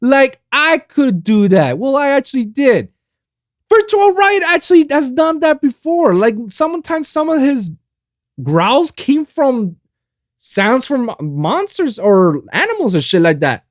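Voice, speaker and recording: Animated, swearing podcast guy. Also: extremely high pitch, measured pace, no echo, clean studio sound. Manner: animated, loose and profane, repeats "I kid you not". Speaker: podcast host and music producer. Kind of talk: casual solo podcast talk. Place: lives in South Florida.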